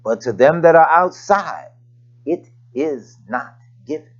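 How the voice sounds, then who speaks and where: A male preacher delivering a sermon, his pitch swooping up and down as he mixes homely asides with scripture. The recording is muffled and lo-fi. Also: expressive, slow. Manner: conversational preaching with folksy asides and scripture readings.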